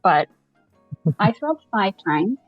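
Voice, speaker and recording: Woman, podcast guest, casual storytelling, laughs a lot, mid pitch, faint music behind. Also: slow pace, no echo, dull audio. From Canada. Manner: animated, laughs often while telling a story.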